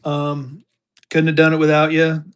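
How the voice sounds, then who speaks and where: A man's voice: fairly high pitch, completely flat delivery, unhurried, clean tone. Chatty man running a live auction. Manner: chatty, thankful, thinks aloud with fillers. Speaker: livestream seller. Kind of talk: casual live auction chat.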